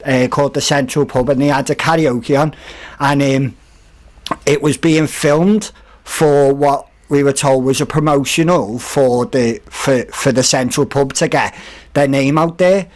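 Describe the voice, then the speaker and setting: Speaking a little slowly in a medium-pitched voice, a podcast guest animatedly tells a casual story. He performs the voices of the people he quotes along the way.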